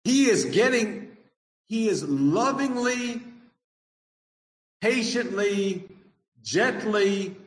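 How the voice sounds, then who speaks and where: A man's voice: on the high side, roomy sound, rough recording. A man preaching a sermon, earnest, putting questions to the congregation. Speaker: pastor.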